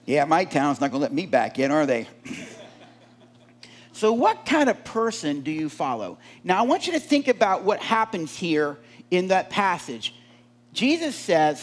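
A man preaching a sermon, animated and often asking the congregation questions. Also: sits high.

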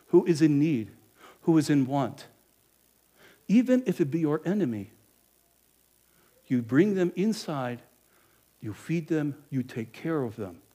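A man performing a dramatic monologue as a harried, money-minded male innkeeper, talking in a chatty, wheedling salesman's patter that can drop to a hushed confession. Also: fairly high pitch, exaggerated voice. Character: harried, penny-pinching male innkeeper of Bethlehem, middle-aged. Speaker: storyteller in character. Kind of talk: first-person dramatic monologue.

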